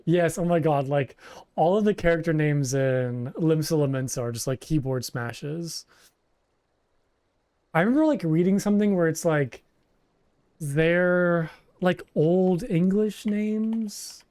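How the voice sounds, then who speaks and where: A man's voice: on the high side, slow pace, a little mellow, clear, resonant tone. A man streaming a role-playing game, chatting casually and rambling with lots of fillers and restarts. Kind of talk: casual gameplay commentary, reading dialogue aloud.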